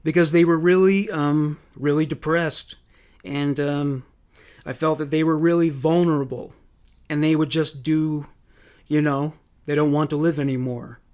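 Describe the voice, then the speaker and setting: Brief: man reading hesitant grieving daughter, halting testimony, slightly high voice. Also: steady tone, darkish tone, clean tone, lightly acted. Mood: somber.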